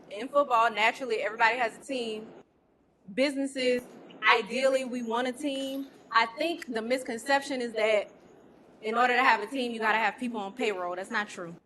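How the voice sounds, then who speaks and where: Against slight background noise, a woman with a somewhat high, pushed and bright voice leads a faith-based business teaching with slides. She preaches, fires pointed questions at her listeners, and leans on football comparisons.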